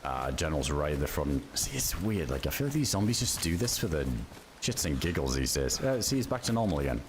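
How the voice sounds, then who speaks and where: A man with a low, deep voice talks loosely through a survival game livestream, reacting to viewers and cursing offhand. There is a steady hiss of background noise under his voice. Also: brisk. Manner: relaxed, chatty, swears casually, reacts to chat. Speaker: game streamer. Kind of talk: casual livestream commentary.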